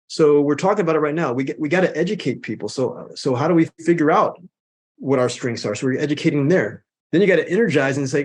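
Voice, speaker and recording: A man's voice: a little high, fast. A man who speaks professionally, a podcast guest who talks emphatically and repeats his key phrases. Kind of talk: casual interview chat.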